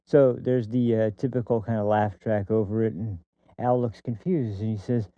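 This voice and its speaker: A man's voice: on the low side, fairly even intonation, moderate pace, dry recording. Podcast guy rambling, lots of ums n laughs, dry tinny sound. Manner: rambling, full of fillers and laughs. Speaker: podcast host. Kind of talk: casual opinion podcast. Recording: dry, tinny phone-like line.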